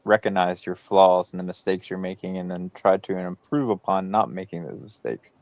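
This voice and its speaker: Deep-voiced guy on a stream, laid back and plain spoken, muffled lo-fi sound. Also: normal speed, a little mellow. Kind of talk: casual live-stream chat. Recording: dull, lo-fi audio.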